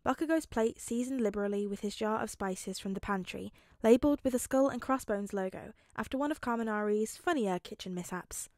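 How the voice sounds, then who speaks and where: A woman calmly narrating a fanfic as an audiobook reader. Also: on the high side, no room sound, clean studio sound. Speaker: podfic reader.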